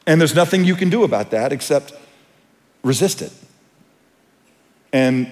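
A man preaching a sermon as pastor, telling stories and acting out quotes in an animated way. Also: a little slow. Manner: animated storytelling, acts out quotes in high voices. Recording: long reverb of a hall.

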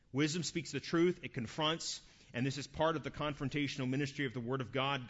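A man preaching a sermon in an earnest way, often repeating and restarting words, building to forceful emphasis. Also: on the high side, normal speed, highs cut off. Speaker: pastor.

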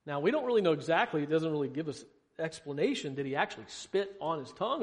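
High-voiced preacher in a reverberant hall. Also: male voice. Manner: asks rhetorical questions, swings between loud emphasis and hushed lows. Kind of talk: sermon.

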